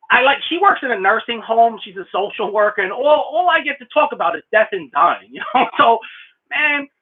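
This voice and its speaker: A man's voice: high voice, husky, narrow, tinny audio. A middle-aged man chatting casually on a live stream from a small room, talkative and rambling, laughing often as he thanks viewers. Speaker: blacksmith streamer answering viewer questions.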